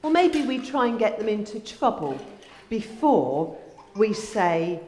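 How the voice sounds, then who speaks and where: A woman giving a gentle, storytelling children's address in church. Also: mid-range voice, big pitch swings, slow. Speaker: children's talk leader. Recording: echoey hall with long reverb.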